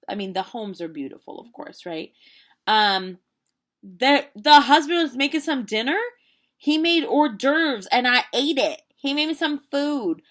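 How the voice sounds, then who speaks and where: Woman, late 20s, vlogger, lively casual storyteller. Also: high voice. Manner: animated, chatty storytelling with quoted voices.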